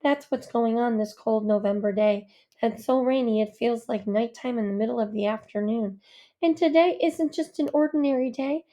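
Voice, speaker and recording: A woman reads a children's story aloud in a gentle first-person voice. Her tone is a little high but soft and mellow. She gives the characters light, distinct voices as she goes. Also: moderate pace. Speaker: audiobook narrator. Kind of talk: first-person audiobook reading.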